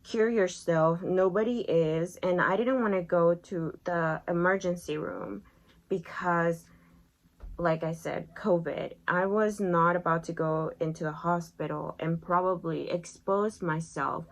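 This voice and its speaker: A young woman vlogger telling a lively story while doing her makeup. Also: measured pace, low-quality recording. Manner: lively storyteller, acts out quotes in a high voice. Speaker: beauty vlogger.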